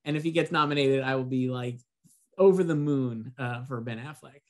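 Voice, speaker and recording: A man's voice: mid-range voice, moderate pace, darkish tone. A man in casual panel talk as an awards pundit, easygoing and wry as he lays out his arguments.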